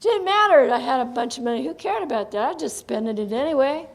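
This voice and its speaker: An older woman sharing her recovery story at a meeting, animated and laughing often, dropping to soft asides. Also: sits high, quick pace, creaky. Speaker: AA speaker. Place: meeting hall.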